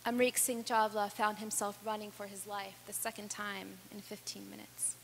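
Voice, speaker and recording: A woman giving an earnest personal storytelling speech, with dramatic pauses that build in intensity. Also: mid-range voice, flat delivery, creaky. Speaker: speaker. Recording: reverberant hall with faint hum.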